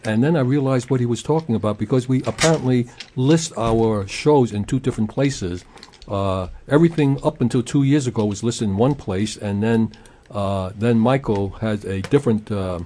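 A man's voice: on the low side, dark tone, slight background noise. A man co-hosting a radio talk show, telling anecdotes in a conversational way. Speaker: radio co-host.

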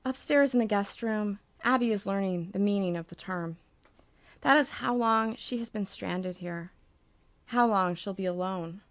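Woman audiobook narrator, measured and wry, dry sound. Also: medium pitch, no echo.

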